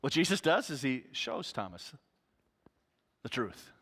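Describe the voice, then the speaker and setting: A man's voice: medium pitch, very animated, unhurried, a bit bright, long reverb tail. A male pastor giving a sermon in an earnest, conversational way.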